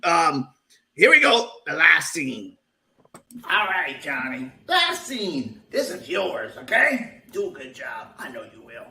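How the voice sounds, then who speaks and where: A man's voice: a little high, very animated, takes it slowly, creaky, pushed and bright, full character voice. A man putting on a boastful, hammy character host who talks in a showy, rambling, folksy way. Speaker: segment host. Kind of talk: comic character bit on a livestream chat show.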